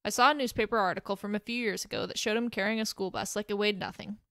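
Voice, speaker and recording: A woman's voice: medium pitch, steady tone, fast, gravelly, bright, forceful tone, clean tone, no echo, clean studio sound. A woman voicing a bubbly, chipper teenage girl hero who likes to tease. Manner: chipper and teasing.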